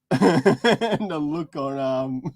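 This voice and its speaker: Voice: medium pitch, darkish tone, dry recording. A livestream host reading a webcomic aloud with casual commentary, laughing often along the way.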